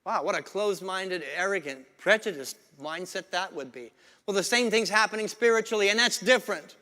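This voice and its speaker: A man preaches a sermon in a big church sanctuary, and his voice rings out with a long reverb. His voice sits a little high for a man. He has the congregation read lines back with him and often repeats his key phrases. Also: brisk, bright, forceful tone. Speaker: pastor.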